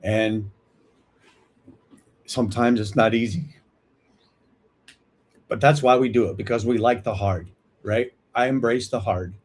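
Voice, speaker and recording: A man's voice: lowish voice, a little slow, long pauses. A man in his fifties hosting a live talk, earnest and reflective, often checking in with "right?". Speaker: host of a veterans support livestream.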